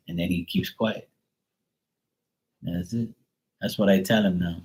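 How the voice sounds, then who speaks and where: A man's voice: low voice, fairly even intonation, a little slow, long pauses, darkish tone, rough recording. A middle-aged man talking casually on a live stream, blunt and profane, rambling through a story with lots of fillers. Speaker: tarot reader.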